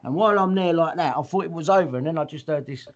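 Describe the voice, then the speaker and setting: A man's voice: on the high side, fast talker. A middle-aged man tells a story in blunt, rambling casual speech, swearing often and acting out what people said. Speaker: guest. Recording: muffled lo-fi audio.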